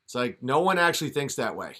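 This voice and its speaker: A man's voice: medium pitch, very animated, fairly quick, sharp tone. A man ranting and mocking in a commentary video, often slipping into sarcastic impressions.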